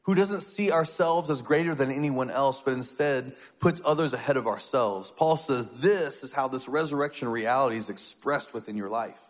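A man preaching a sermon as pastor, talking in a conversational, storytelling way with hushed asides. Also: medium pitch, normal speed, few pauses, soft background music. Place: church sanctuary. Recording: long reverb of a large hall.

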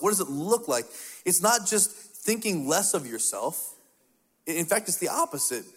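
Conversational pastor in a reverberant hall. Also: male voice, mid-range voice. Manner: conversational, storytelling, drops to hushed asides. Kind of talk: sermon. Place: church sanctuary. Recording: long reverb of a large hall.

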